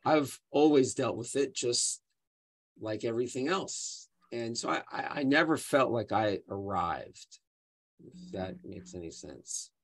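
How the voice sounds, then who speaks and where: An animated male storyteller talks with a mid-range voice that sits right in the middle for a man. He trails off and restarts as he chats through stories in a relaxed interview. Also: mid-range voice, measured pace. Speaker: guest, real estate agent and coach. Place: Colorado.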